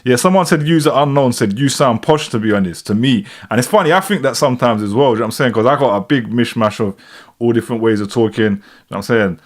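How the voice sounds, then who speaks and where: A man's voice: medium pitch, quick pace. Laid-back London man chatting live. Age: 30s. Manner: relaxed, rambling, keeps saying "do you know what I'm saying". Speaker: livestream host. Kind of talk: casual live reaction chat.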